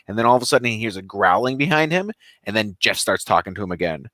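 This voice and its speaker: Animated man telling a story. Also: fairly low pitch, fast, hardly any pauses, dry recording. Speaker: podcast co-host. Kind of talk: casual podcast chat.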